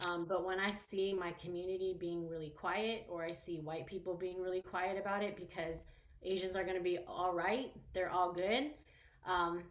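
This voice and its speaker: Chinese american woman talking from the heart, lowish voice, roomy echo. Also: fairly even intonation, moderate pace. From United States. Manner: earnest, emotional, many "um"s. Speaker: panel guest. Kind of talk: emotional public conversation.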